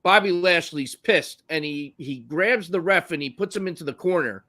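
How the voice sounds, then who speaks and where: A man's voice: on the high side, normal speed, sharp tone. A man co-hosting a wrestling podcast, recapping matches in a rambling, profane way with plenty of fillers. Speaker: podcast co-host. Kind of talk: casual wrestling chat.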